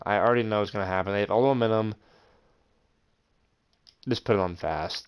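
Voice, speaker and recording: A young man hosting his gaming channel, commenting over football video game footage in an excitable way with frustrated outbursts. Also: lowish voice, moderate pace, pauses often, clear, resonant tone. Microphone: voice-over over gameplay.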